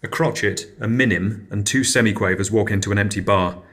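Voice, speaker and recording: A man's voice: fairly low pitch, fairly quick, fairly bright tone. A man hosting an absurdist comedy podcast, narrating in a mild, hesitant, dry way. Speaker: podcast host.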